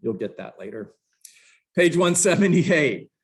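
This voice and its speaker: A man's voice: fairly high pitch, big pitch swings, measured pace. A man teaching a live book-study lesson to a room of agents, passionate and emphatic, with sarcastic asides. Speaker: real estate trainer.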